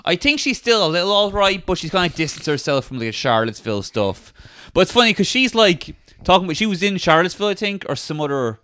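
A man's voice: high voice, quick pace, clear, resonant tone. A man in casual podcast chat, recounting a story and slipping into impressions of people. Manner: animated storyteller, mimics people.

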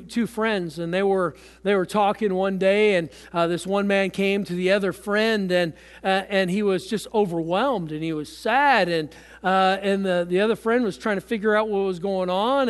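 Man, pastor preaching, high voice, loose and conversational with lots of "uh", long church reverb. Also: normal speed, clean tone. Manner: conversational preaching with fillers and repeated words. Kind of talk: sermon.

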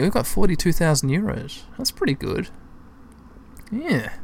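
Gravelly-voiced man narrating gameplay. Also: high voice, big pitch swings, unhurried, darkish tone. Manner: chatty, thinking aloud, addresses listeners. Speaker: let's-play host. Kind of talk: casual gameplay commentary.

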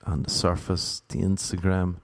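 A man with an Irish accent telling rambling, self-mocking stand-up stories in a deadpan way. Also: low voice, moderate pace. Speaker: comedian. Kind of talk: stand-up storytelling.

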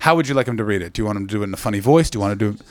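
A man's voice: on the low side, lively intonation, rapid-fire. Canadian guy doing standup, teasing the crowd, swears a lot, voice jumps all over, handheld mic on stage. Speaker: stand-up comedian. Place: comedy club stage.

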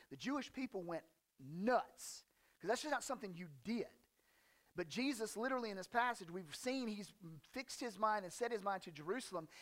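A male pastor preaching a casual, conversational sermon, folksy and joking with slang asides, and reading scripture with animated emphasis. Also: high-pitched.

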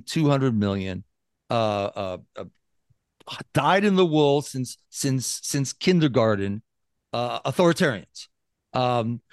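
A man's voice: on the high side, dry recording. A man speaking as an interview guest, emphatic and restarting often, close to the mic in a dry room. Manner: emphatic, many restarts, mocks opponents in quoted voices. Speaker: guest, libertarian activist. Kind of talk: animated interview talk.

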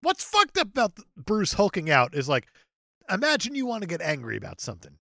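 A man's voice: high-pitched, a little fast, gravelly, no room sound, clean studio sound. A man co-hosting a casual comedy podcast about movies, ranting with profane jokes. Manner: profane, animated, jokey rants. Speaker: podcast co-host.

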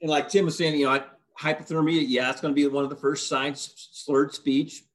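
A man's voice: fairly high pitch, little pitch movement, fairly quick. A man in an interview plainly recounting a rescue, matter-of-fact. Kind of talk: casual storytelling.

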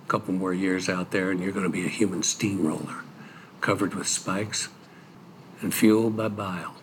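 An actor playing a stern male police superintendent who lectures in a measured way. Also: sits low, steady tone, slight background noise. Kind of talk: film dialogue.

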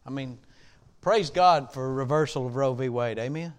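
A middle-aged man preaching a sermon in a church, repeating a question like a refrain and building from quiet reflection to impassioned shouting. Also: mid-range voice, normal speed, clear, resonant tone. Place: church sanctuary.

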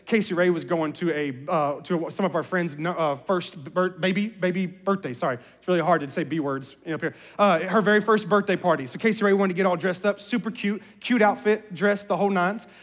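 A middle-aged man preaching a sermon, telling animated personal stories with humor. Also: high-pitched, brisk, hardly any pauses. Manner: animated storyteller, jokes and voices family members. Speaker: pastor. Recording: reverberant hall.

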